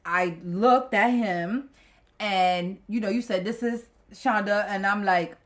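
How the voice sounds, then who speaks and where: A woman's voice: medium pitch, takes it slowly. Blunt, emphatic woman co-hosting a podcast. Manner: blunt, emphatic, laughs often. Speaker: podcast co-host. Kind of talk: casual chat.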